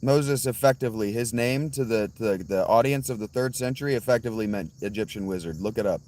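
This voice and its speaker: A hoarse man hosting a casual livestream, answering chat bluntly and calling out viewers by name. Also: mid-range voice, brisk, darkish tone. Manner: blunt, swears, addresses chatters by name. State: hoarse, worn-out voice. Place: outdoors at night with insects.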